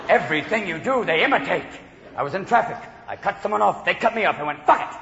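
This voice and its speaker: A man doing a stand-up comedy routine in front of a live audience, talking manically and jumping into silly voices and shouts. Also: high-pitched, expressive, fast, lo-fi sound. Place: large live venue before an audience. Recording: echoey live hall with loud crowd noise. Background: audience laughter and crowd noise.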